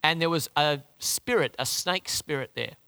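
A man preaching a sermon in an animated, conversational way, often restarting his phrases. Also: on the high side, normal speed, vocal fry, clean tone.

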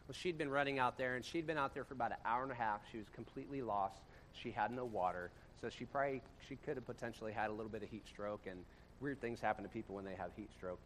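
Speaking quickly, a male pastor delivers a relaxed, story-driven sermon to the congregation gathered in a church room. His talk is conversational, lurching from loud outbursts to hushed, low moments, with a bit of background noise.

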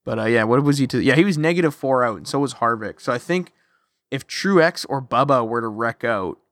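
A man's voice: medium pitch, animated, brisk, fairly bright tone, dry recording, clean studio sound. A man hosting a casual motorsport podcast, talking loosely with lots of "like" and "you know". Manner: loose, chatty, lots of likes. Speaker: podcast host.

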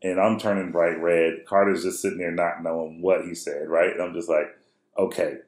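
A man with a very low, deep voice tells a story at length on a casual podcast. He rambles and restarts often, but stays animated. The sound is roomy and echoey. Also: a little fast. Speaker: podcast co-host.

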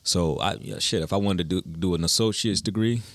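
A man's voice: low-pitched, brisk, a bit bright, no echo. A young man telling stories in casual, slangy talk as a musician guest in an interview. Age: young adult. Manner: laid-back slangy storytelling.

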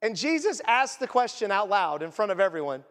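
A man's voice: high voice, very animated, brisk, fairly bright tone. A male pastor giving a conversational sermon, asking the congregation questions and acting out the people in the story. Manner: asks the congregation questions and acts out quotes. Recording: long reverb of a large church hall.

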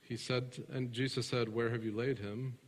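A man's voice: mid-range voice, flat delivery, moderate pace. Man preaching a sermon in a reverberant hall. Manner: earnest preaching, swings from loud emphasis to hushed softness; asks the congregation questions and answers them himself. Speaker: pastor. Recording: reverberant large room.

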